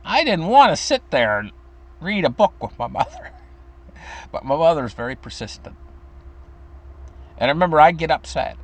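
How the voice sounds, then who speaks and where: A man in his fifties from the United States, telling a childhood story in a meandering, chuckling way. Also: mid-range voice. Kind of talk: casual personal storytelling.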